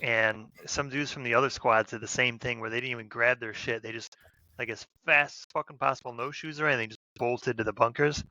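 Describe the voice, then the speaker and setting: A man's voice: medium pitch, steady tone, fairly quick, bright, forceful tone, no room sound, rough recording. A man in a casual podcast chat, blunt and emphatic about combat.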